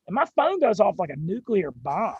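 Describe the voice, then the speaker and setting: Southern drawl guy, young, high husky gravelly voice, excited storyteller, dry dull-ish audio. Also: dry recording. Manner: excited, fast storytelling with cursing. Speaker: sports radio and gambling show host, guest. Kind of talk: casual storytelling interview.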